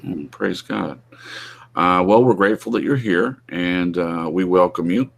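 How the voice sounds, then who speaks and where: A man with a deep, low-pitched voice hosts a live online show. He talks loosely and rambles, with plenty of fillers and restarts. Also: a little slow, vocal fry. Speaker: host. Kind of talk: casual live-stream talk.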